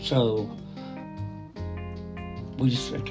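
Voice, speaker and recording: A middle-aged man tells his own story in a rough, gravelly voice, circling back with restarts and asides. A soft guitar plays faintly under him. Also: a little high, normal speed, dull audio. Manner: quoting others in a plain voice. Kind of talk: first-person story narration. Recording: soft guitar music behind.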